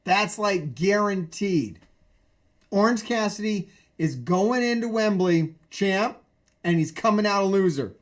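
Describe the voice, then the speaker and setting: A man on a stream rants about a wrestling show, profane and excitable, firing off incredulous questions. His voice is on the high side.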